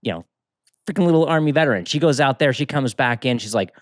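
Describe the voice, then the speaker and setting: A man co-hosting a podcast in casual chat, an animated storyteller who often quotes other people. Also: mid-range voice, fast talker, no room sound, studio quality. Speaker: podcast co-host.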